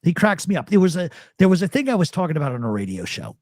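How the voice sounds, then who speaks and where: Hosting a live talk show, a man with a rather high voice speaks quickly, telling stories in casual chat and animatedly acting out the voices of people he quotes. The audio is studio quality with no room sound.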